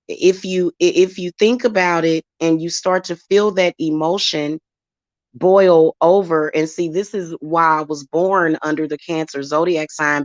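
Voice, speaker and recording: A woman's voice: low-pitched, dry recording. Woman, blunt and emphatic, casual chat, dry close sound, slightly muffled. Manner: blunt, emphatic, slips into acted quotes. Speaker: spiritual reader and channel host.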